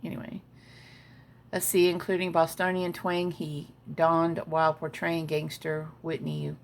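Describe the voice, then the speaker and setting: A woman's voice: low voice, flat delivery, a little slow, gravelly, slight background noise. A woman vlogging from home in a chatty way, reading an article aloud and adding her own comments. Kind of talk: casual chat.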